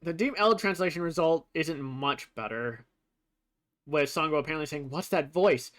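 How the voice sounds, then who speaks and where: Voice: medium pitch, normal speed. A streamer casually commenting over gameplay while comparing translations, thinking aloud with fillers and the odd swear word.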